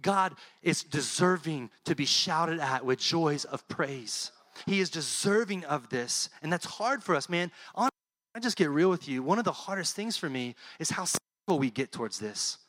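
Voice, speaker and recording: Preaching in a conversational, animated manner at a moderate pace, this middle-aged male pastor softens to a low voice whenever he reaches heartfelt points in his sermon.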